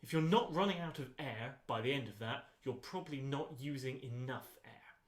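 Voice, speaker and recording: A man leading a choir rehearsal voice lesson, giving calm, unhurried instructions with frequent ums. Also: mid-range voice. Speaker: choir voice teacher. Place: rehearsal room. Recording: echoey rehearsal room.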